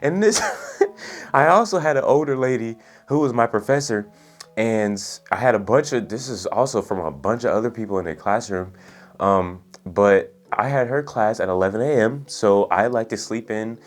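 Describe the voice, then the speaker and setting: Laid-back young man with a soft, low voice. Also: expressive, moderate pace. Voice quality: soft, soothing voice. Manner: laid-back, profane slang, says "bro" and "like" a lot. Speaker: storytelling vlogger. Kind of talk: casual storytelling. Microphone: USB studio microphone.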